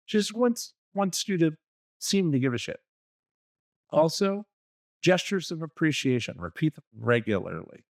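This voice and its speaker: A man's voice: on the high side, sing-song, normal speed, no room sound, clean studio sound. Blunt man giving podcast advice. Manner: blunt and profane, acts out quoted dialogue. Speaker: relationship coaching podcast co-host. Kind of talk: casual podcast advice talk.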